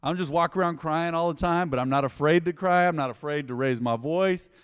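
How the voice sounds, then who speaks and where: Middle-aged pastor guy preaching with lots of passion, a bit high, big church echo. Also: brisk, clear, resonant tone. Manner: passionate, emotional, animated preaching. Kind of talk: sermon. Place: church sanctuary. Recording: long hall reverb.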